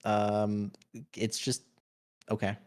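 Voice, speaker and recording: A man's voice: on the low side, completely flat delivery, extremely slow, a little mellow, clear, resonant tone. A man streaming a game, casually reading viewers' chat messages aloud and adding playful, jokey asides. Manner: playful, jokey asides between read-outs.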